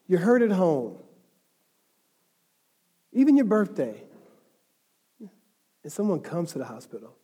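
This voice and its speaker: High-voiced man preaching in a big echoing hall. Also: mellow. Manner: conversational, rising to emphatic passion. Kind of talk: sermon. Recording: long hall reverb.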